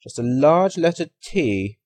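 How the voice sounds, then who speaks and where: A man's voice: fairly high pitch, big pitch swings, unhurried, darkish tone, no room sound, pitched above the performer's own voice. A man voicing a sensible, matter-of-fact male police sidekick in a comic story.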